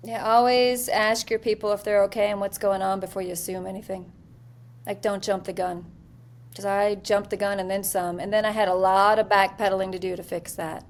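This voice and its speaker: A mid-pitched woman in her forties tells a candid story as an interview guest. She speaks with lively, self-deprecating energy and fills her sentences with little hesitations. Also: brisk. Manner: animated, self-deprecating, with many fillers. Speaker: interview guest, military leader.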